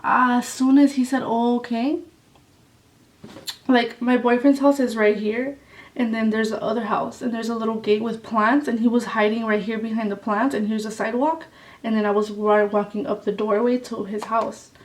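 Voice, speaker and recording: A woman's voice: fairly high pitch, fairly even intonation, normal speed, distant mic, rough recording. A young woman telling a story on her vlog in a blunt, casual way, swearing a lot and saying "like" often. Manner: blunt, heavy swearing, lots of "like". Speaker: vlogger.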